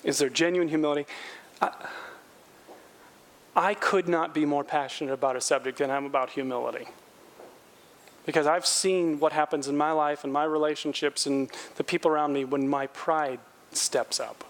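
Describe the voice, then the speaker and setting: A middle-aged man preaches as pastor at a normal pace, pausing often. Animated, he acts out quotes in a raised voice and goes low and quiet when he turns earnest.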